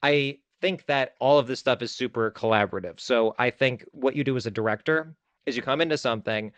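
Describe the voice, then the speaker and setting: A man talking casually as a filmmaker guest in an interview, chatty and self-deprecating with quick asides. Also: mid-range voice, a bit bright, no echo, dull audio.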